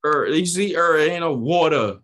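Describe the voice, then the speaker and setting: A man's voice: on the high side, expressive, normal speed, fairly bright tone. A man with a New York accent in casual chat, blunt and profane, telling stories animatedly.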